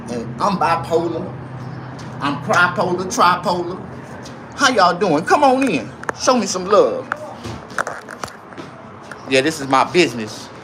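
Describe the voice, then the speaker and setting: A man rambling on a livestream about tattoos, his shirt and a rap feud, out of breath, with loud bursts and mumbled asides. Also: on the high side, background noise. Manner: rambling and animated, swinging between loud outbursts and mumbling. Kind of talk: casual livestream rant.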